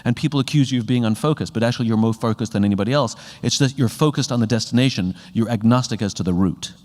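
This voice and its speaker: A man's voice: medium pitch, fast, a little mellow. A man giving a conversational keynote talk on leadership to a live audience, acting out little bits of dialogue as he goes. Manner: conversational, acts out quoted dialogue with rising animation. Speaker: speaker on leadership. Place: large hall with a live audience. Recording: reverberant hall.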